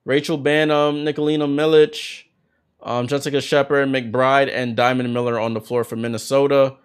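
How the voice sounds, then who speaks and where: A man hosting a basketball watchalong, calling the plays as an excited fan with sudden bursts of hype. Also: medium pitch, moderate pace, smooth. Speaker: watchalong host doing play-by-play. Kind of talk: fan play-by-play commentary.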